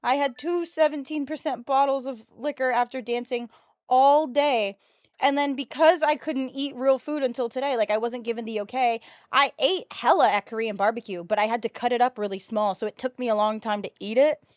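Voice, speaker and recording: A woman's voice: fairly high pitch, brisk, no room sound, clean studio sound. A woman of twenty-two, telling stories in casual, slangy chat to her stream viewers. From United States. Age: 22, early 20s. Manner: animated, chatty storyteller, slangy. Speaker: livestreamer.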